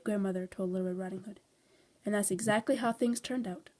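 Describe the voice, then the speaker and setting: A woman reading a children's storybook aloud in a calm, expressive narration. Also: mid-range voice, fairly quick. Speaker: storybook reader.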